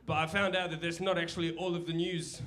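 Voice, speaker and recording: A man's voice: a little high, flat delivery, fast, background noise. A young man with a New Zealand accent doing a crude, rambling, self-deprecating stand-up set. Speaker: stand-up comedian. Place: comedy club stage. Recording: live club recording with audience laughter. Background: audience laughter.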